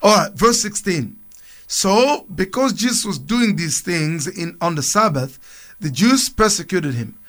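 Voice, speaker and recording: Reading Bible passages aloud on the radio, this church speaker then explains them casually, restarting and chuckling as he talks. His voice sits high and sounds animated, a little slow and a bit bright.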